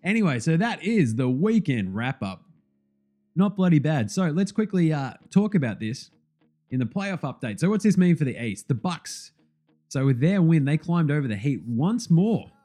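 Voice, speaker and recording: Faint music plays behind a basketball podcast host with a higher-pitched voice who runs through scores at a moderate pace. His casual recap is animated, full of swearing and jokey banter.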